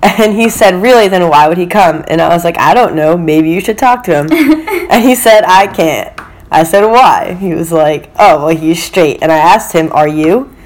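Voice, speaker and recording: A woman's voice: fairly low pitch, lively intonation, normal speed. A young woman co-hosting a casual podcast, retelling dating-app messages with a laugh. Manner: chatty storyteller who laughs at her own anecdotes. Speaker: podcast co-host.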